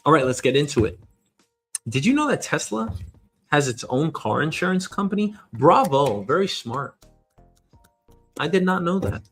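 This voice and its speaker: A man hosting a show, giving an energetic motivational monologue, emphatic and casually swearing. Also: a little high, normal speed, pauses often, faint music behind. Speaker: show host.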